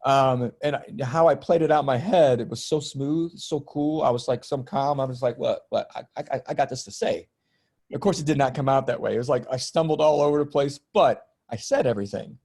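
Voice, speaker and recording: A man's voice: medium pitch, a little fast, few pauses, a little mellow. A middle-aged man, a spiritual teacher and healer, telling a personal story as a guest on a podcast interview, earnest and emotional, easing tension with jokes.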